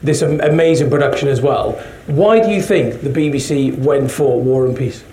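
A man's voice: mid-range voice, normal speed, mellow, a little hiss or hum. A man hosting a panel discussion, asking jokey questions with a laugh. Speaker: panel host. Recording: roomy echo, faint ambience.

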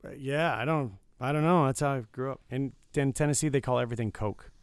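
A man's voice: mid-range voice, fast talker, clean tone, no room sound, clean studio sound. A middle-aged man from Detroit co-hosting a casual podcast, earnest and reflective, often hedging his points. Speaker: podcast co-host. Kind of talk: casual chat.

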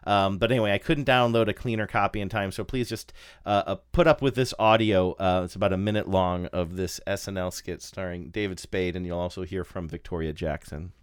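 A man's voice: low voice, steady tone, brisk, clear, resonant tone. A man hosting a podcast in casual chat, reading out listener messages. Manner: chatty, reads listener comments. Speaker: podcast host.

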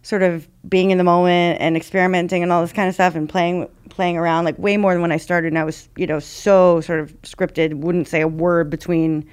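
Woman comic, slightly low pitch, meandering and introspective, lots of false starts. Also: flat delivery, a little fast, hardly any pauses, darkish tone, clean tone. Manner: rambling, self-reflective, many restarts and "like". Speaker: stand-up comedian. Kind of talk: casual podcast chat.

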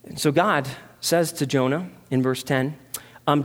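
A man's voice: on the high side, a little slow. A man preaching a sermon as pastor, emphatic, with rhetorical questions and repeated phrases.

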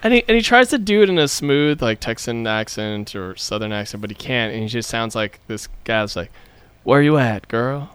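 A man co-hosting a casual podcast chat and reacting with lively jokes. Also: mid-range voice, a little fast, hardly any pauses, clear, resonant tone. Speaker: podcast co-host.

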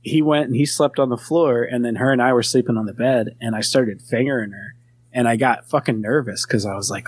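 Husky man telling a story. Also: medium pitch, fairly quick. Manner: rambling anecdote-telling. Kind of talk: casual storytelling.

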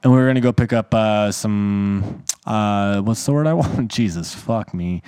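A man's voice: fairly low pitch, normal speed, dark tone, smooth, no room sound. A man on a podcast telling a long story in casual chat, rambling and swearing freely. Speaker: podcast co-host.

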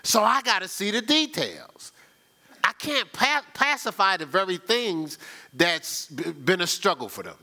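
Chatty storytelling pastor, bright voice. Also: male voice, high voice, big pitch swings, a little slow. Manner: storytelling, chatty, repeats himself, folksy. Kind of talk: conversational sermon. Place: church sanctuary.

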